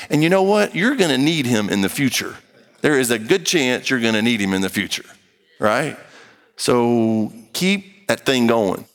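This pastor's fairly high voice has lively intonation and moves at a normal speed, trailing long reverb as he delivers a sermon. Reading scripture aloud, he addresses the congregation emphatically and conversationally, with playful asides he acts out.

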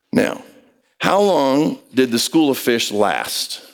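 Male preacher, mid-range voice, smooth and resonant, conversational storyteller working the room, recorded in a big echoing hall. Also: mid-range voice, sing-song, takes it slowly. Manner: storytelling, quizzing the congregation. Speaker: pastor. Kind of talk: conversational sermon. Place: large church hall with a congregation. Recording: long reverb of a large hall.

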